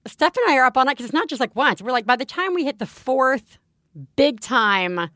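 A woman co-hosting a podcast in casual chat, telling a story with lively acted-out quotes. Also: sits high, normal speed, dry recording, studio quality. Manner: animated storytelling, acts out quotes. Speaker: podcast co-host.

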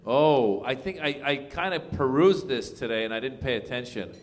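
A man's voice: mid-range voice, lively intonation, normal speed. A man, a comedian competing on a quiz show, hesitating and trailing off. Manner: hesitant, full of fillers. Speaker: comedian contestant. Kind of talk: game show banter. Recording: reverberant stage with faint noise.

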